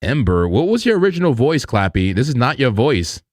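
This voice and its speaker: A man hosts a live crypto trading stream in a casual, excitable way, often repeating himself and breaking into loud laughs. His pitch swings widely from low mutters to high outbursts. The sound is dry and close, with no room around him. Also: brisk, dry recording.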